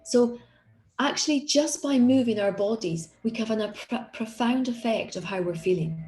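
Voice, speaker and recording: Woman coach chatting through a confidence session, warm mellow tone, bit of room echo. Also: a little high, moderate pace. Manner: encouraging, conversational with frequent restarts. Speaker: executive coach. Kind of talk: online coaching talk.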